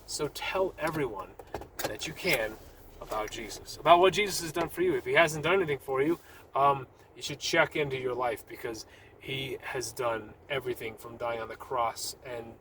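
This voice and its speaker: A man's voice: medium pitch, fairly bright tone, slight background noise, low-quality recording. A man talking casually but urgently about his faith to the camera while sitting in a car, with rambling restarts. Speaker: Christian vlogger.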